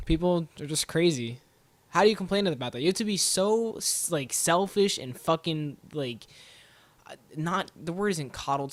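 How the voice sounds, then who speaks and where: A man's voice: a little high, dry recording. Young adult man, podcast host, casual profane rant, filler-heavy, dry close sound. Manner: profane, rambling, heavy use of "like".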